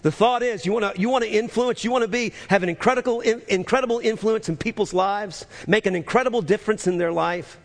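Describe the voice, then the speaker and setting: Man, pastor, sermon, emphatic and repetitive, occasional shouts, long hall reverb. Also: sits high, fast talker, few pauses. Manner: emphatic, repeats key phrases, some shouted.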